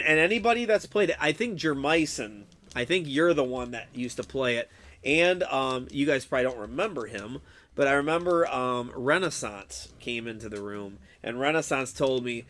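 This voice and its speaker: A young man streaming, chatting casually with his viewers, excitable, swearing a lot and laughing often. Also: mid-range voice. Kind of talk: casual live-stream chat about a game.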